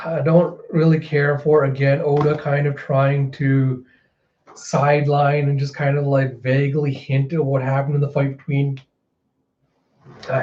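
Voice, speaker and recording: In a mellow, fairly high voice, an animated man who reviews manga retells the story as casual reaction commentary, using frequent fillers. The recording sounds roomy and slightly dull.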